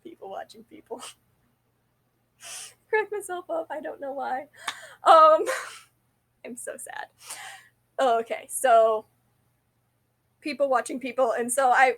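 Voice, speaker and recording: A woman's voice: on the high side, a bit bright. A young adult woman telling a rambling, self-deprecating story to camera, often correcting herself mid-sentence. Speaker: vlogger.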